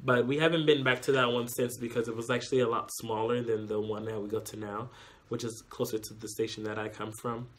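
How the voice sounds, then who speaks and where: A man's voice: medium pitch, little pitch movement, fairly quick, a bit bright. A young man telling a long, rambling story in a casual vlog, filling his speech with "like" and "um", recorded on a phone. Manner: rambling, heavy use of "like" and "um". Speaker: vlogger.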